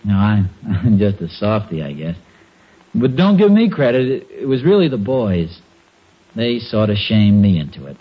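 A man's voice: lowish voice, sing-song, moderate pace. A man acting a sheepish, stammering husband in a 1940s radio sitcom, muffled old recording.

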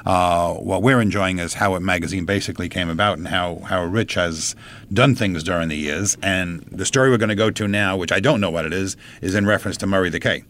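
A man's voice: low-pitched, a little fast, fairly bright tone. A man hosting a radio interview, chatty with joking asides. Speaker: radio host.

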